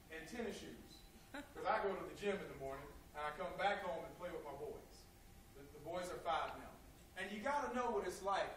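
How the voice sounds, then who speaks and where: A man's voice: fairly high pitch, background noise. A man giving an emotional motivational talk to a live audience, telling stories and asking the crowd questions. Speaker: motivational speaker. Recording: echoey room, far from the mic.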